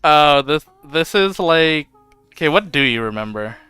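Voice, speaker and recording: A man streaming a game, casually recapping the story and quoting the characters in slangy, animated asides. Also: a little high, a little slow, clear, resonant tone, no echo, soft background music.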